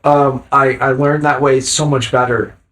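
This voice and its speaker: A man's voice: mid-range voice, level tone, a little slow, fairly bright tone, low-quality recording. A man chatting casually as a podcast guest, tipsy from drinking, rambling and emphatic, swearing freely. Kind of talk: casual chat.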